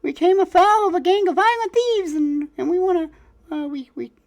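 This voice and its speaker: A man voicing a small, timid and excitable ratfolk alchemist who stammers and repeats words nervously. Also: very high-pitched, normal speed, vocal fry, pitched above the performer's own voice.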